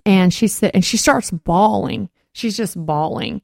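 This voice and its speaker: A woman hosting a Christian talk show, telling a faith story in a lively way and acting out the voices she quotes. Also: medium pitch, unhurried, vocal fry, dry recording, clean studio sound.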